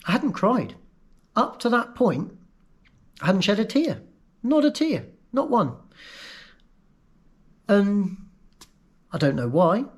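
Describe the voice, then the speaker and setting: Man, slightly raised pitch, candid and emotional storytelling, halting in places. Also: very animated. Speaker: vlogger recounting his own accident. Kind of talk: personal storytelling.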